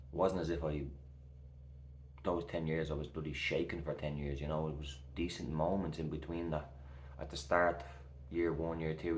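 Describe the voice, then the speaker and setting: Very deep, flat-voiced man. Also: echoey room, a little hiss or hum. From Ireland. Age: 30s. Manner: earnest, reassuring, rambling with fillers. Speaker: recovery coach vlogger. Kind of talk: heartfelt casual talk to camera.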